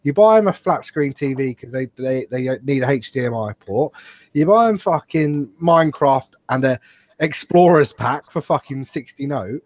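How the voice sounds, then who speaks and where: A man's voice: medium pitch, expressive, normal speed, darkish tone, no room sound. A young British man co-hosting a casual podcast, swearing freely and ribbing his mates. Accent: British English. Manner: sweary, mocking banter. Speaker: podcast co-host. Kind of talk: casual chat.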